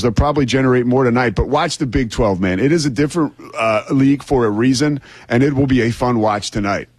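A man who calls football games, chatting in a casual sports talk style, animated and rambling and quick to laugh. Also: medium pitch, slightly rough, dry recording. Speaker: football play-by-play announcer and co-host.

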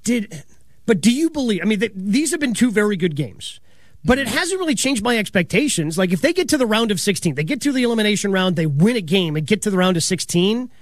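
Animated high-voiced sports radio host. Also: male voice, dry recording, studio quality. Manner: animated, laughing often, quick asides. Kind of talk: casual sports radio chat.

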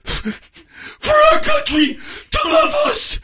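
A man putting on an anguished soldier who yells through sobs, in a strained, wailing voice. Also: extremely high pitch, huge pitch swings, extremely slow, very noisy, voice pushed up, full character voice. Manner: crying shout, strained and wailing.

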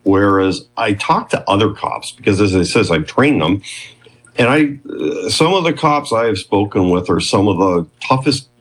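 A man's voice: fairly low pitch, lively intonation, moderate pace, fairly bright tone, husky, rough recording. A man in his fifties, a guest on an interview show, telling a long story in a rambling, self-interrupting way.

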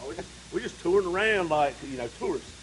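A man's voice: high voice, expressive, fast talker, poor audio. A man, a musician guest on a live radio show, telling folksy stories and joking around. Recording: hissy broadcast recording.

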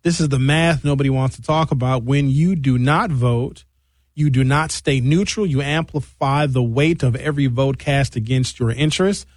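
A man in his fifties hosting and reading viewer comments in an exasperated, animated comic rant. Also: medium pitch, normal speed, dry recording, studio quality. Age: 50s. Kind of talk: comedic rant.

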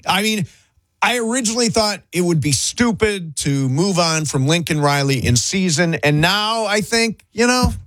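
Sports radio guy, bit high voice, jumps around in pitch, restarts a lot. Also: normal speed, dry recording. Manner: animated, trails off and restarts. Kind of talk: casual sports talk.

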